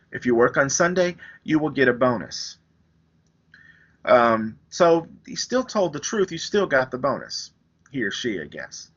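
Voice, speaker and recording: A man's voice: mid-range voice, fairly bright tone, slightly rough, muffled recording. A man teaching a recorded math lesson, explaining step by step with everyday examples. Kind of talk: recorded lecture, writing on screen.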